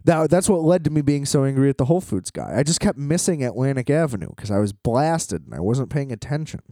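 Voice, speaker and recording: Animated ranting man with mellow voice. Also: a little high, dry recording, clean studio sound. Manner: exasperated, profane, laughs often. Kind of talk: casual ranting monologue.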